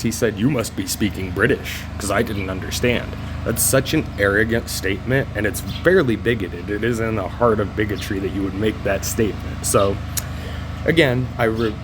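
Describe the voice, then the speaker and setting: A man's voice: lowish voice, moderate pace, noisy background. A man ranting in a political vlog, combative and mocking, loose and rambling with some swearing. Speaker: vlogger.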